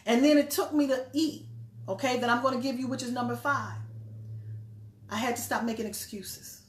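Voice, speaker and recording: A woman's voice: on the high side, steady tone, normal speed, roomy sound. A woman pastor preaching emphatically, repeating phrases and laughing between points. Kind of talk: sermon.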